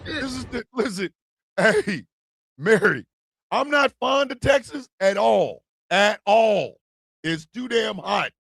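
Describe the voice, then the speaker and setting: Animated, high-voiced ranting man. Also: takes it slowly, gravelly, breathy edge, no room sound, clean studio sound. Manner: profane, animated, yelling bursts. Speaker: host. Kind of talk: comedic rant commentary.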